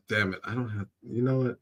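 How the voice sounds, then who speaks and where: Male streamer host, low and slow, slangy and laughing, reacting to clips. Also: a bit bright. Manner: laughs often, slangy, curses then apologizes. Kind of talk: casual reaction commentary.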